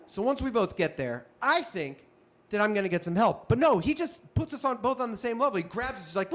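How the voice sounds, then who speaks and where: A male comedian tells a stand-up story in an animated, punchy manner, tossing in frequent asides. His voice sits very high for a man. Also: brisk.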